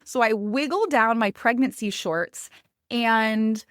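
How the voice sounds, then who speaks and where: A podcast host in her thirties shares a personal story, confiding and emphatic, addressing her listeners directly. Her voice is a little high and a bit bright, her pace slow, and the clean studio recording is dry.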